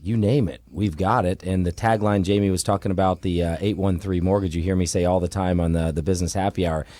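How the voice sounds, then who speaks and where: A man's voice: low voice, steady tone, fast talker, mellow, dry recording. A man who runs a mortgage company, speaking as a guest in a radio studio in an easygoing way, often repeating words as he starts. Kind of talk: casual radio interview.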